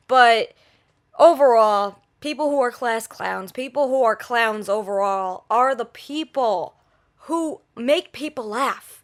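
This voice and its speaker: Animated high-voiced New woman. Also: unhurried. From New Jersey, USA. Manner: animated, talks with her hands, jokey. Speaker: channel host. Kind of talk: casual advice vlog.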